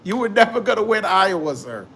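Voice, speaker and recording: A man's voice: sits high, very animated, fairly quick, a bit bright, a little hiss or hum. A man hosting a casual reaction commentary show, joking and mocking the clips he plays, and often breaking into laughter. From immigrant to the United States.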